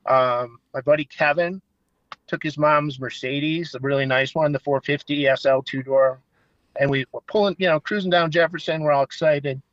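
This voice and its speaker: A man telling casual, animated stories as a guest, now and then swearing and acting out what people said. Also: fairly high pitch, moderate pace, no echo. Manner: animated, swearing, acts out quotes. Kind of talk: casual storytelling. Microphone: phone line. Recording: dull phone-line audio.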